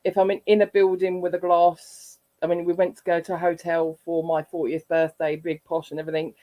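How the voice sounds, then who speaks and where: A woman's voice: on the low side, flat delivery, fairly quick, warm tone, low-quality recording. A woman in her forties chatting and telling a personal story in earnest. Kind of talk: casual chat.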